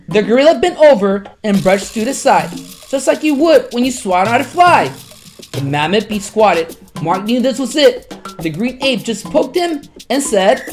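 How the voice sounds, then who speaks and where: A woman hosting a children's show, reading a storybook aloud in an expressive, dramatic way. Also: a little high, normal speed, faint music behind.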